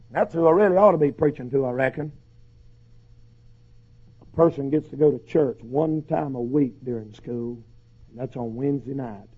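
A hoarse male preacher, shouting through a fiery sermon. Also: medium pitch, normal speed, long pauses. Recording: dull lo-fi recording.

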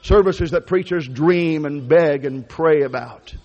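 A man's voice: on the high side, unhurried, darkish tone. A man preaching a sermon, telling a story in a folksy, conversational way with frequent restarts. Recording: lo-fi recording with long hall reverb.

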